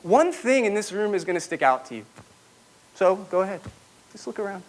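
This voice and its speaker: A man with a high voice speaks from a podium to a room full of listeners. He tells his own story in a reflective way and turns to the audience with questions now and then. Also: very animated, fairly quick. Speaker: public speaker. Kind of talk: personal testimony talk to a live audience.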